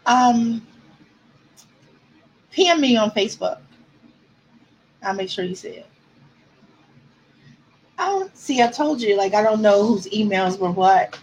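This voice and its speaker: A woman's voice: mid-range voice, expressive, slow, long pauses, darkish tone, a little hiss or hum, rough recording. A woman author chatting with her viewers on a livestream, answering comments and close to tears at times. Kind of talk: casual livestream chat.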